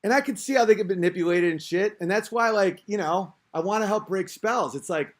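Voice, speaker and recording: A man's voice: high voice, fairly quick. A man hosting a podcast, talking in a rambling, crude, self-interrupting casual rant. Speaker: podcast host.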